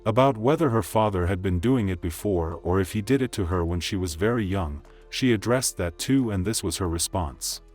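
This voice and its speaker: A man reading scripted narration in a flat, matter-of-fact voice-over. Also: deep voice, moderate pace, hardly any pauses, soft background music.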